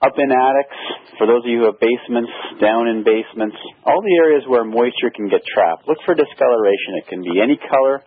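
Canadian male guest on call-in radio, practical explainer, husky tone, phone-quality audio. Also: medium pitch, fairly quick, no room sound. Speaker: guest, product manufacturer. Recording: tinny dry phone line.

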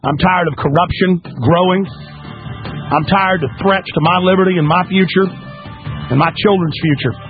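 A man hosting a talk radio show, delivering an angry, impassioned monologue with sudden leaps and drops in pitch. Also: a little slow, over music. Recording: dry, phone-like narrow band.

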